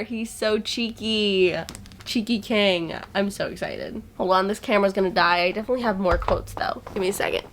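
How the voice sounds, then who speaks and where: A young woman chatting into her camera about her reading week, her voice sitting at an ordinary middle pitch. She gushes and gets excited, tumbling through thoughts with lots of "like". It sounds relaxed and personal, a casual vlog. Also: rough recording. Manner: gushing and excitable, peppered with "like". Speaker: book vlogger.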